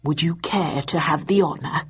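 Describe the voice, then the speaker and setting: A woman putting on a gentle, absent-minded old male inventor for a storybook reading, his husky voice dropped low and drawn out slowly. The recording sounds dull and lo-fi. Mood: calm. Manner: slow, measured and mild.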